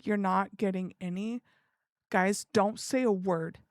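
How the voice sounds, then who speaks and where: A woman live streamer chatting casually with her viewers in an animated, giggly way. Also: mid-range voice, takes it slowly, no room sound, studio quality.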